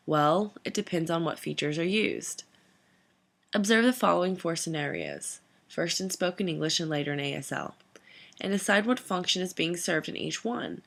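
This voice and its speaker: A woman narrates a scripted lesson in a fairly low voice with a gravelly edge of fry. She is an instructor who reads through lists of terms in a steady, measured way.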